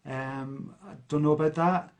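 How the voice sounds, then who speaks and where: Reading out and answering viewer comments on a live stream, this Scottish self-help speaker from near a big city uses a fairly even intonation. His voice is on the high side and his pace measured, and his talk is chatty, dotted with fillers and restarts.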